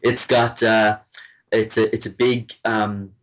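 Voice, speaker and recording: A man from Limerick with a softened Irish accent, chatting as an interview guest, hesitant with many restarts and fillers. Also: on the low side, flat delivery, takes it slowly. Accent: Irish, softened by years abroad. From Ireland, Limerick. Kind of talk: casual interview chat.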